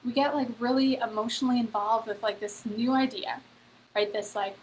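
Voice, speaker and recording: This woman's voice is a little high and steady at a moderate pace, caught on poor audio with slight background noise. As host of a free online event, she gives a chatty live-stream motivational talk, addressing viewers directly and saying "like" and "okay?" a lot.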